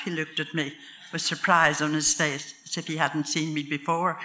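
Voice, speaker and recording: A woman's voice: low-pitched, flat delivery, normal speed, pushed and bright, a little hiss or hum. An older woman with a Northern Irish accent telling a true story from her own life at a live storytelling night, in a homely, wry, self-mocking way. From Northern Ireland.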